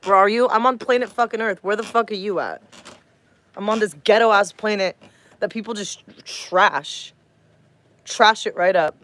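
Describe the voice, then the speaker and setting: A woman's voice: mid-range voice, moderate pace, a bit bright, no echo. A woman in her thirties talking bluntly to her live stream chat, combative and swearing heavily. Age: 30s.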